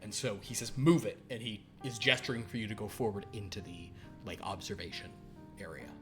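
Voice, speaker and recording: A man's voice: fairly low pitch, a little fast, over music. A man narrating as game master in a tabletop horror game, with a loose manner full of fillers.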